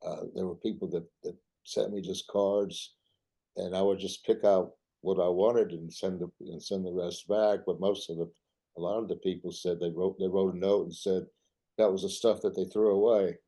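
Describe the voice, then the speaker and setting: An older man giving a talk, reminiscing in a halting way full of restarts. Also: low-pitched, steady tone, dark tone. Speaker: artist giving a club talk.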